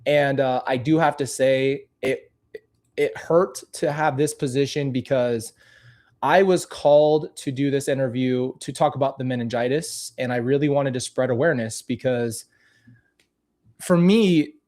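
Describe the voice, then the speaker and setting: A man's voice: mid-range voice, measured pace. A man talking casually and candidly to camera as a vlogger, commenting on old clips of himself with frequent restarts.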